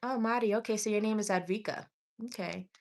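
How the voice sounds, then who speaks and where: A woman gives one-card tarot readings on a livestream. She talks casually and affectionately, reading viewers' names and questions aloud while scrolling. Her delivery is loose, with pauses and small restarts. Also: medium pitch. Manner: chatty and affectionate, calls viewers honey and sweetie. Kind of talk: live tarot reading, answering chat.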